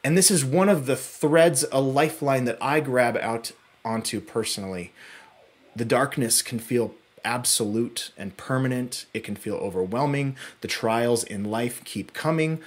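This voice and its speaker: A pastor preaches at a church service in a husky, breathy male voice. He shifts from soft, low phrases to rising, urgent emphasis, leaving pauses between short phrases.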